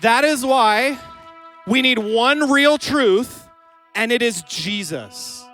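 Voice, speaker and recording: A man preaching a lively youth sermon in a church hall, joking with the audience and acting out both sides of a scene. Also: extremely high pitch, takes it slowly, faint music behind. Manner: playful, jokes with the crowd, acts out both sides of a scene. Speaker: youth pastor.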